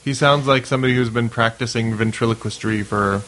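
A man's voice: medium pitch, fairly even intonation, brisk, a bit bright. A man co-hosting a casual podcast chat, wry and sarcastic, slipping into mocking quotes. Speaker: podcast co-host.

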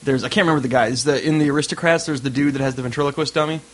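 A man co-hosting a podcast, explaining at length in a relaxed storytelling way. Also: mid-range voice, rapid-fire. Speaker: podcast co-host. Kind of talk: casual chat.

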